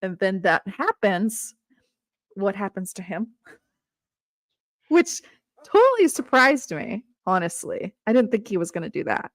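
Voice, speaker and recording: A woman co-hosting a casual book discussion, animated, laughing often and acting out the characters' lines. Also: medium pitch, slow, long pauses, dry recording, studio quality. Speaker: book club co-host.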